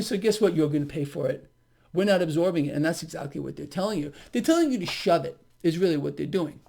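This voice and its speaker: A man's voice: high-pitched, darkish tone. Emphatic, sarcastic man vlogging. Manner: emphatic and sarcastic, repeats key words, ironic asides. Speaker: financial vlogger. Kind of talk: market commentary monologue.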